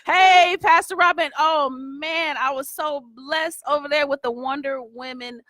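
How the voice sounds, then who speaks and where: A woman co-hosting a faith radio show, chatting casually with quick amens and laughter. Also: sits high, steady tone, a bit bright, no room sound. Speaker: co-host.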